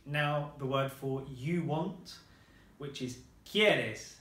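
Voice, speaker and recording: A man's voice: medium pitch, extremely slow, fairly bright tone, echoey room. A man teaching a lesson, patiently modelling phrases and praising his student's answers. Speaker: language teacher.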